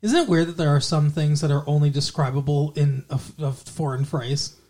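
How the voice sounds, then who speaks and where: A man's voice: fairly high pitch, fairly even intonation, brisk, dark tone. A man co-hosting a podcast in casual, teasing chat with his fiancée, chuckling often. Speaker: podcast co-host.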